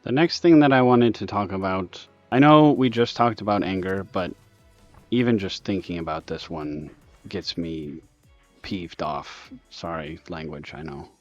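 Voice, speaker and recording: A man ranting in an exasperated, animated way over gameplay, with sudden loud bursts. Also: sits low, measured pace, no echo, dull audio, faint music behind. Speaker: gaming video host.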